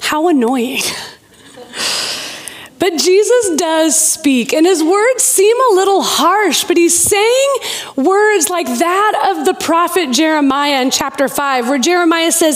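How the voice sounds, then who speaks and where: A woman's voice: extremely high pitch, lively intonation, slow. A woman in her thirties preaching a sermon, telling personal stories with playful asides.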